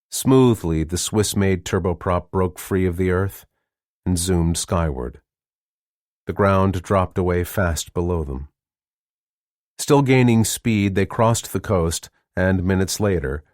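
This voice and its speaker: An audiobook is narrated from a script by a man whose voice sits low, his storytelling even and measured. It's recorded in clean studio sound with no room sound.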